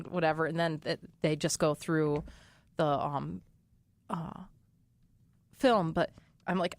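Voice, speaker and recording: A woman's voice: deep voice, measured pace, long pauses, dry recording. A woman co-hosting a casual movie chat, rambling through her thoughts with lots of fillers and laughing often. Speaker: co-host.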